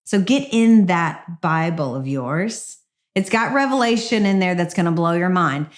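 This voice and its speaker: A woman's voice: fairly low pitch, animated, unhurried. A middle-aged woman hosting a devotional podcast, speaking in an earnest, encouraging and reflective way. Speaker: podcast host.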